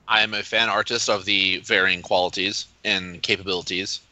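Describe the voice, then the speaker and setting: A man's voice: deep voice, normal speed, no room sound. A man who is a guest artist on a casual podcast, joking playfully over a call. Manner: playful, deadpan jokes. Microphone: remote call.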